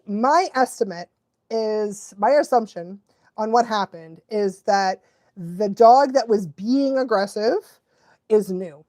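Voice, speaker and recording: Young female dog trainer, chatty live-stream host, bubbly and scattered, high voice, dry close sound. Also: no room sound. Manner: excitable, animated, laughs often, loses her thread. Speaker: dog trainer hosting a live watch-along. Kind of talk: casual live-stream chat.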